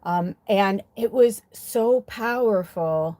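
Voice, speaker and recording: Slow and warm, her mid-range voice carries a casual livestream where she shares chatty, heartfelt, rambling stories. She's an American spiritual medium and oracle card reader in her fifties.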